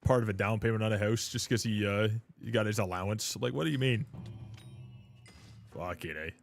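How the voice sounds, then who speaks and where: A man's voice: on the low side, a little fast, gravelly, soft background music. A young man, telling a rambling, profane story while streaming a game. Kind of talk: casual livestream chat.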